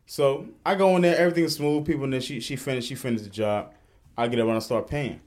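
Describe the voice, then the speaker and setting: A man's voice: medium pitch, fast talker. A man hosting a podcast, telling stories in casual, profane chat and laughing as he goes. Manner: animated, profane, laughs through his stories. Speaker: podcast host.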